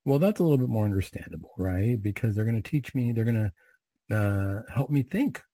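A man's voice: on the low side, expressive, fairly quick, dark tone, dry recording. A man reciting prayers and then giving a reflective, conversational sermon as a preacher.

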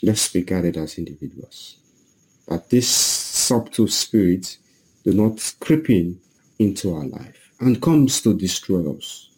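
A man's voice: deep voice, expressive, slow, darkish tone, slightly rough, rough recording. A man preaching a sermon, emphatic, acting out quoted lines in a raised, strained voice.

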